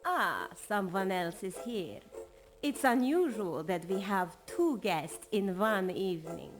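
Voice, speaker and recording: An aloof talking butterfly. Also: female voice, mid-range voice, expressive, slow, over music. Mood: welcoming. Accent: German. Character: mysterious talking butterfly, teasing and cold. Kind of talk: video game voice acting.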